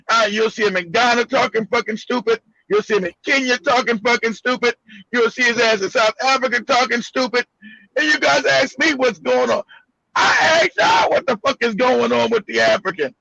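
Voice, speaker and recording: A man with a very high, gravelly and husky voice rants through heated commentary, blunt and profane, often repeating himself. The sound is dry and dull, with a lo-fi quality. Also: bright, forceful tone, no echo. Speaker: host. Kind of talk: heated commentary on news clips.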